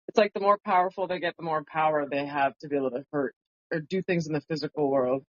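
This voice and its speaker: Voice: medium pitch, fast talker. A co-host on a casual book chat podcast who laughs often and talks things through. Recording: dull lo-fi home podcast audio.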